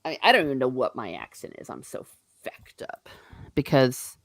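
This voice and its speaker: A woman's voice: very deep voice, wildly swooping pitch, normal speed, vocal fry, no echo, studio quality. A woman with an Irish accent hosting a casual book discussion, chatty and laughing often. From Ireland. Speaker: host.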